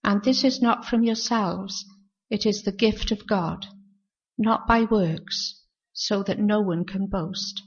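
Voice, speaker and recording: A woman reading scripture aloud in church in a slow, measured way. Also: mid-range voice, breathy edge, dull audio. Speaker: scripture reader.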